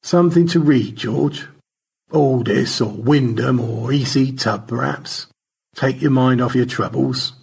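A man reading aloud and voicing a playful, teasing man who loves word games, with a raspy, gravelly voice and a brisk, mischievous manner. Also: medium pitch, darkish tone, heavily acted. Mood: offering.

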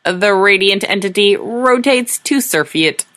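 Woman reading as a slow, stilted alien translator machine. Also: mid-range voice, lively intonation, a bit bright, voice pushed up. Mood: cryptic. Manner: slow, stilted, oddly worded pronouncements. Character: cryptic alien translation device, sexless machine.

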